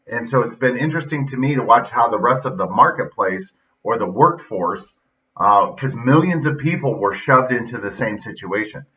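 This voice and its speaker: A man's voice: medium pitch, lively intonation, normal speed, bright, forceful tone, far from the mic. A middle-aged man hosting a casual motivational monologue, blunt and folksy, retelling stories with quoted dialogue. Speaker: podcast host and youth football coach. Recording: dull lo-fi sound, slightly off-mic.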